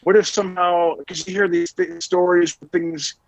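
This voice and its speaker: A man's voice: sits high, moderate pace, no echo, poor audio. A man in his forties, a podcast host, telling a casual story with lots of fillers and restarts. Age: 40s. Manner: rambling, animated anecdote with many fillers.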